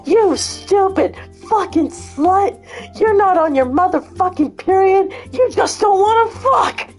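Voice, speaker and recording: A woman's voice: high-pitched, lively intonation, normal speed, soft background music, pitched above the performer's own voice. A woman voicing a foul-mouthed, hot-tempered male plumber in a retold cartoon parody. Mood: raging. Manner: raging, swearing, then fake-polite.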